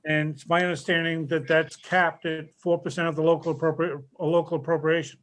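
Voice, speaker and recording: A man with a slightly high voice reporting budget numbers to a town council. He talks in a measured, unhurried way and pauses often to find the next figure. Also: flat delivery, a bit bright, a little hiss or hum. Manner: measured, reads out numbers with hesitations. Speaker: town administrator.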